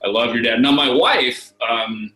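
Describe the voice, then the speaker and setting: A man's voice: mid-range voice, measured pace, pushed and bright. A man chatting as a guest in a casual interview, rambling through stories with many fillers and restarts over a video call. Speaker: guest musician. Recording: roomy echo.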